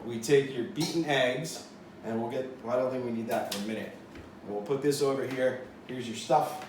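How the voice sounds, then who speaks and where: A man hosts a casual home cooking demonstration, rambling along with plenty of fillers and deadpan jokes. His voice sits in a middle pitch. The kitchen sounds roomy and echoey, with pots and dishes clattering in the background. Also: normal speed, noisy background. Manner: rambling and jokey, lots of fillers and restarts. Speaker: cooking show host.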